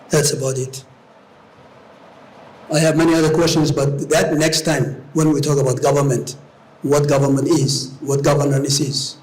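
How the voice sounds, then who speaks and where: Guy giving a lecture in a uni hall, bit high voice, keeps repeating words, pep-talk feel. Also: a little mellow. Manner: rallying, repeats words while searching. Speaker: guest lecturer. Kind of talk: public lecture.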